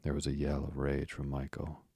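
A man narrating a storybook in a measured, deliberate way. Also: a bass voice, completely flat delivery, vocal fry, dark tone, slightly rough, no room sound, clean studio sound.

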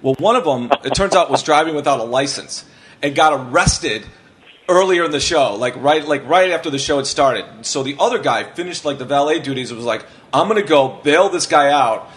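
A man's voice: on the high side, expressive, a little fast, a bit bright. A man in casual podcast chat, telling long, swear-filled stories full of restarts and acting out what others said. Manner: swears freely, rambling anecdotes with restarts; acts out quotes of other people.

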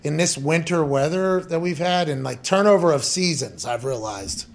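A young man hosts a podcast, spinning animated stories in a loose, casual chat. He swears freely and often laughs mid-sentence, and his voice sits a little high for a man. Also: normal speed. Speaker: podcast host.

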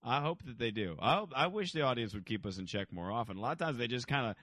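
A man's voice: mid-range voice, fast talker, no echo, clean studio sound. A man hosting a casual comedy podcast, joking and swearing as he tells stories. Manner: profane, animated storytelling with acted quotes. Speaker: podcast host.

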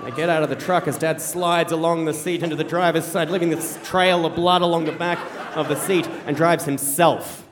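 A man's voice: on the high side, moderate pace, hardly any pauses, background noise. Wry man telling a story in a hall. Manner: wry, animated, acts out quoted voices. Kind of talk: live storytelling on stage. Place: theater stage before an audience. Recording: reverberant hall.

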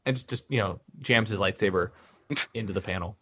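A man's voice: lowish voice, fairly quick, bright, forceful tone. A man hosting a casual discussion, rambling and restarting his sentences often. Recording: dull lo-fi audio.

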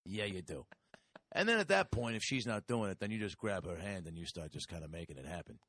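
Brief: a man putting on a pushy, profane blowhard in a podcast bit, raised pitch, swoops up and down. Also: lively intonation, a little fast, fairly bright tone. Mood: boastful. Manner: blustering, profane, rambling. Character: brash crude male interrupter, pushy and loud.

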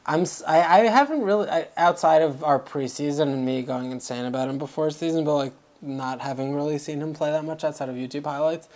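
A man's voice: fairly high pitch, a little fast, few pauses. A man co-hosting a podcast, chatting casually about football with many fillers and restarts. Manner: relaxed, rambling, frequent fillers. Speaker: podcast co-host.

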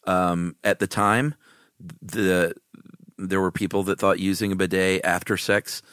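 A man co-hosts a casual podcast in a very low voice. He is laid-back and drops sardonic quips. The sound is dry and close, with no room around it. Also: fairly even intonation, unhurried, fairly bright tone, clean tone, dry recording. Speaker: podcast co-host. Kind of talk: casual chat.

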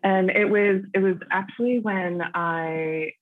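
A woman's voice: mid-range voice, steady tone, takes it slowly, dry recording. An American woman calling in to a podcast, chatting casually and filling her speech with "like" and "um". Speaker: caller. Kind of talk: casual phone chat. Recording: tinny dry phone line.

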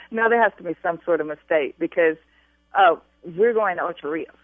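An angry woman speaks on a phone call, pressing her demands hard and refusing to back down. She talks in firm, forceful bursts. Her voice is squeezed through a thin, dry telephone line. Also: on the low side, normal speed, dry recording. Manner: insistent, increasingly angry and demanding. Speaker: bride called by prank caller.

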